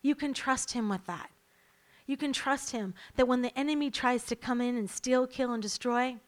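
A woman's voice: high voice, normal speed. A woman preaching a sermon to a church congregation, emphatic and repeating her key lines, then leading a prayer.

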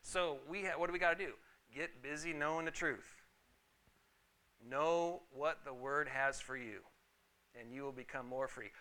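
A man's voice: a little high, measured pace, pushed and bright, rough recording. A middle-aged man pastor giving a conversational sermon, telling personal stories and calling for amens. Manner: conversational, storytelling, calls for amens.

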